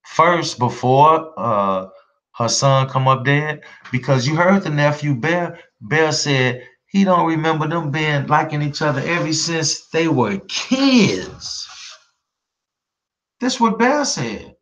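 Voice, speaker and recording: A man's voice: a little high, animated, slow, fairly bright tone. A man giving casual commentary straight to his viewers, emphatic and repetitive, swearing freely as he presses his points. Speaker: online news commentator. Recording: roomy, dull lo-fi sound.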